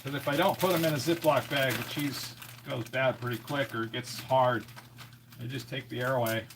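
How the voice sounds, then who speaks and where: A man chatting casually on a live stream while fixing a snack in his home kitchen, thinking out loud as he works. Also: medium pitch, steady tone, normal speed, vocal fry, noisy background.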